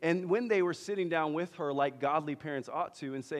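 A man, preaching a sermon, moving between loud emphasis and hushed storytelling. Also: fairly high pitch, a little fast. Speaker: pastor. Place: church hall. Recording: long church-hall reverb.

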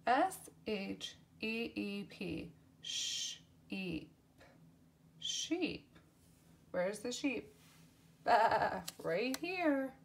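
Slow sing-song woman teaching children. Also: on the high side, animated, vocal fry, slight background noise. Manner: slow, spells words letter by letter, sing-song praise. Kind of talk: children's lesson.

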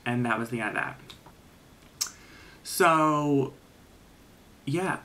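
A young man in his late twenties tells a spooky tale in loose, rambling storytime fashion. He leans on fillers and throws in casual swearing, at an average pitch. A faint rumble sits underneath. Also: expressive, extremely slow, sharp tone.

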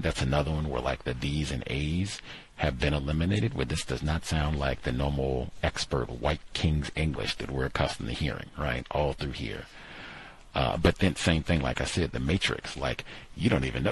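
A man casually discussing a book he is reading aloud from, thinking out loud and pausing with "uh, let's see" as he goes. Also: very deep voice, breathy edge. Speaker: book commentator.

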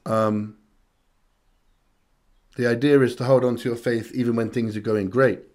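British man, music reaction host, casual chat, reflective, earnest, mid pitch. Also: little pitch movement, normal speed, darkish tone. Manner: earnest, reflective, repeats phrases for emphasis.

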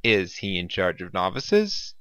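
A man's voice: low-pitched, sing-song, measured pace, fairly bright tone, clean tone, no room sound, heavily acted. A man reading the part of an irritable, sardonic famous musician with a snappish, dry delivery.

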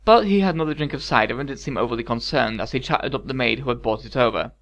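Man narrating a story in a calm voice. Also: medium pitch, fast, few pauses. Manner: calm storytelling with wry asides. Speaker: audiobook narrator. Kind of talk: scripted narration.

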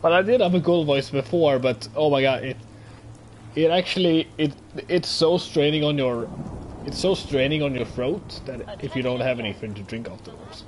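A man giving casual, excitable gameplay commentary, thinking aloud and swearing often, his throat a little strained. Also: a little high, normal speed, a little hiss or hum. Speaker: gaming let's-player.

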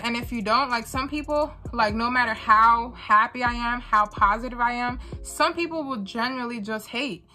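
Bright-voiced earnest young woman vlogger. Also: a little high. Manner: earnest, repeats phrases for emphasis. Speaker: vlogger and small business owner. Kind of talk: candid talking-head vlog.

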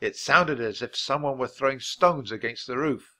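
A man reading a children's chapter book aloud at a clear, natural pace for English learners. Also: medium pitch, sharp tone. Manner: clear, unhurried storytelling. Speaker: audiobook narrator.

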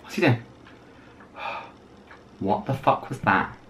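A man's voice: mid-range voice, takes it slowly, very noisy. A man commentating his own horror game playthrough, jumpy and swearing, yelping when startled. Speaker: gaming video host. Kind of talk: let's play commentary.

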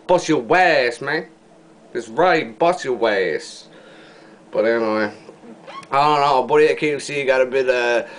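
Slangy Newfoundland man ranting to camera. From Newfoundland, Canada. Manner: slangy, rambling, swings between low mutters and loud excited bursts. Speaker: vlogger. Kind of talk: casual video response rant.

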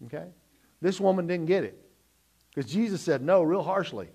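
A man's voice: lively intonation, moderate pace, creaky, slightly rough. Middle-aged male pastor preaching dynamically. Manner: swings between loud emphatic lines and low quiet asides; repeats words and restarts phrases. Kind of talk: sermon.

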